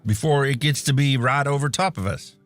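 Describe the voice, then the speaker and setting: A man's voice: medium pitch, fairly quick, soft background music. An American man hosting a casual live stream, laid-back and swearing casually. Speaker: host.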